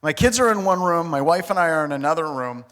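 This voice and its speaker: Animated American man telling stories in a hall. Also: a little high, fast. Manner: animated, casual, loose with slang and mild swearing. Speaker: conference speaker. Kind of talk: comic storytelling on stage. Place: conference hall stage. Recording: reverberant conference hall.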